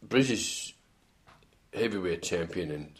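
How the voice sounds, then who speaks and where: Deep-voiced older Irish man reminiscing. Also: animated, takes it slowly. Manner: rambling anecdotal storytelling, hesitant restarts. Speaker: interviewee, former band musician. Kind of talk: oral history interview.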